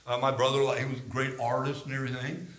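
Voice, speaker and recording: Animated, bright-voiced male Bible teacher. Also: mid-range voice, fast, roomy sound. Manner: animated, rambling storytelling with dramatized scripture.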